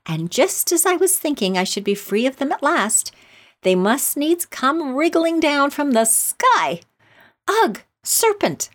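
A woman voicing a suspicious mother pigeon who scolds in a shrill, contemptuous voice, in a storybook reading. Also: big pitch swings, normal speed. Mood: shrieking. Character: shrieking, suspicious mother pigeon guarding her eggs.

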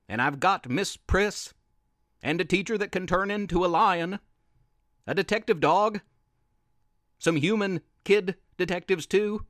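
A man narrating a children's story as the show's host, in an animated, expressive way. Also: on the high side, no room sound, studio quality. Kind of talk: scripted kids' story narration.

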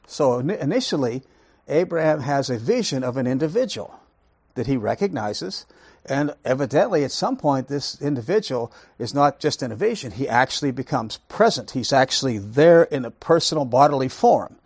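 A man's voice: medium pitch, animated, normal speed, a little mellow, slightly rough, no echo, studio quality. A man leading a Bible study lesson, talking emphatically, asking rhetorical questions and repeating words for stress. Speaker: Bible teacher.

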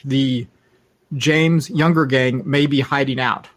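A man's voice: medium pitch, fairly even intonation, takes it slowly. A man doing a pompous old-timey detective. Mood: haughty. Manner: stiff, old-fashioned, flowery. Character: pompous formal male detective pursuing outlaws.

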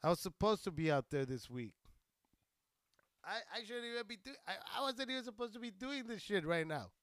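A man from near El Paso, Texas, in a profane, rambling comic monologue, crude and animated. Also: sits high, fairly quick, clear, resonant tone, no room sound. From Socorro, Texas, near El Paso. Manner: rambling, crude and animated, laughing at his own jokes. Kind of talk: profane stand-up style monologue.

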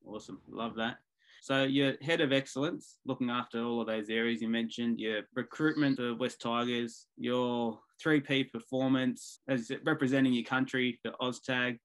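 A man's voice: medium pitch, a bit bright, poor audio. A man hosting a podcast, recapping what the guest said before asking his next question. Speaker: host.

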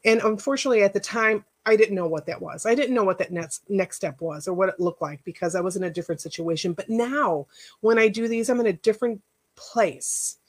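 A woman's voice: medium pitch, a little fast. A middle-aged woman, a life coach, giving a casual workshop talk in a chatty, personal storytelling way with rambling asides.

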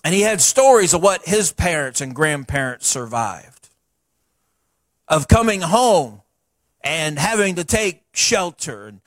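With a voice pitched high for a man, a middle-aged pastor gives a sermon at a measured pace in a church sanctuary. His style is folksy and animated, with chatty asides, and the sound is close and dry with little echo.

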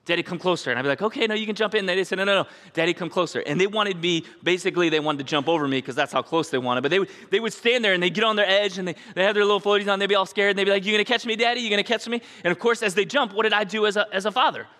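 A middle-aged male pastor delivers a sermon in a church, with a bright, forceful tone and a voice pitched a little high. He tells stories animatedly, slips into voices, and puts questions to the congregation. His words ring out with a long hall reverb. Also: rapid-fire, hardly any pauses. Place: church sanctuary.

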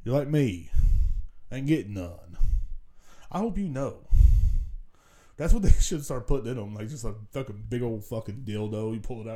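A man's voice: mid-range voice, animated, brisk, warm tone. A man in his thirties hosting a podcast, ranting casually and profanely, rambling and laughing at his own jokes. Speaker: podcast host. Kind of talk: casual solo rant.

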